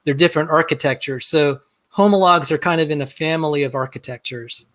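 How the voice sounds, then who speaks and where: A middle-aged man walking through a software demo on a video call, rambling and self-deprecating, often repeating words as he starts a sentence. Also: a little high, brisk. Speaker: guest. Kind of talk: casual screen-share demo chat.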